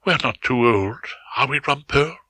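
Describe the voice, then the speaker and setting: A man's voice: mid-range voice, lively intonation, a little slow, pushed and bright, no echo, low-quality recording. A man voicing a fussy middle-aged wife in a genteel, prim manner, in an audiobook. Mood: coy. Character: fussy middle-aged English wife, coy then bossy. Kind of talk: audiobook character voice.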